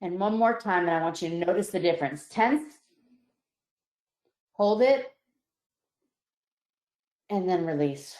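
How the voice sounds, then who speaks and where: Calm woman coaching relaxation, roomy sound. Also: on the low side. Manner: calm, slow, coaching tone that softens on each release. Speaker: psychologist presenter. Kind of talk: guided relaxation instruction. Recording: roomy echo.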